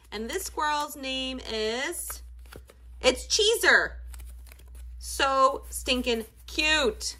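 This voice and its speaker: Woman, 30s, enthusiastic, casual unboxing chat, high pitch. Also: animated, extremely slow, pushed and bright. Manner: gushing, enthusiastic. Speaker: toy unboxing vlogger.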